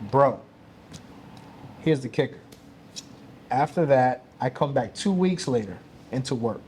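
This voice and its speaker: A man telling a story in a relaxed conversation, acting out other people's voices as he goes. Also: medium pitch, a little slow, long pauses, slight background noise. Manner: animated, acts out voices in stories. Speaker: guest speaker. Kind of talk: casual storytelling.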